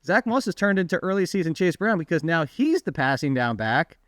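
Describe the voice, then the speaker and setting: A man hosting a fantasy football podcast in a casual, chatty way, throwing quick questions and asides to his co-host. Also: fairly high pitch, big pitch swings, no echo, clean studio sound.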